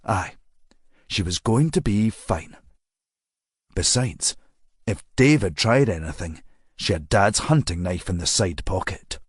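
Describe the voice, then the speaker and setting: A man narrating an audiobook crime novel in a measured, even storytelling manner. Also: sits low, slightly rough, no room sound, clean studio sound. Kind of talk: scripted narration.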